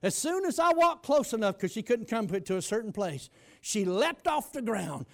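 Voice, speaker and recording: A man preaching A pastor telling his testimony from the pulpit in a high, gravelly voice. His pitch leaps and dips all over the place, and his folksy storytelling keeps erupting into loud shouts. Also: big pitch swings, normal speed. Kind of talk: testimony sermon.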